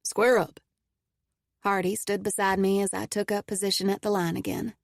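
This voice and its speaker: A woman voicing an easygoing young man who coaches and teases a girl, in a lower, relaxed drawl, in an audiobook reading. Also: normal speed, gravelly, dry recording, clean studio sound. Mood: coaching. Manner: relaxed, low teasing drawl.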